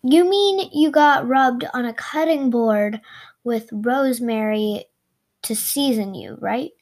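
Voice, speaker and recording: Woman doing a determined little girl, high voice, slow and earnest. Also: a little mellow. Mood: questioning. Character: determined young girl chasing a turkey.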